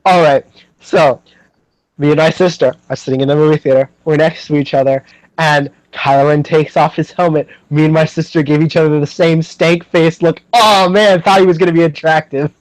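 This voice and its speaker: Young man, podcast host, casual animated chat, slightly higher voice, dry close sound. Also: moderate pace, no echo, low-quality recording. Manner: chatty and animated, many fillers, laughs often.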